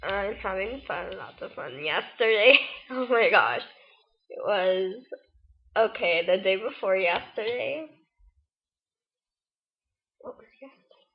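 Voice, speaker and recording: A woman's voice: medium pitch, vocal fry. An eighteen-year-old woman telling a rambling, chatty story on her vlog, full of fillers, in lo-fi audio. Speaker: vlogger. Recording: lo-fi webcam audio.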